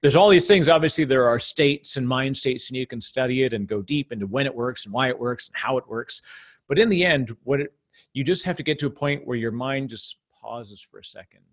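A man's voice: mid-range voice, brisk. A man hosting a casual interview, talking in long rambling stretches with frequent restarts and laughs. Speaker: podcast host.

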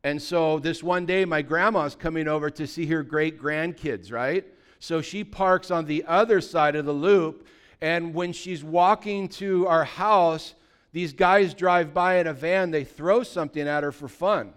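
A man in his fifties from California, a pastor telling a personal story in a lively, anecdotal way, with sudden loud bursts. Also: on the high side, unhurried, smooth. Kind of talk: sermon storytelling.

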